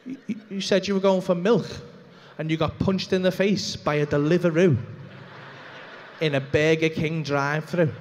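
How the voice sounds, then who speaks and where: A woman's voice: low-pitched, fairly even intonation, moderate pace, darkish tone, pitched below the performer's own voice, natural voice. A man voicing his exasperated wife, who nags and mocks him, in a stand-up act. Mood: scolding. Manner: nagging, mocking. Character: exasperated scolding wife, mocking husband.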